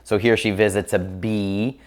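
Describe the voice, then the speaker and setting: A man reviews children's picture books on camera in a chatty, enthusiastic way, filling his talk with ums and likes. His voice is fairly low, level in tone, and a little slow.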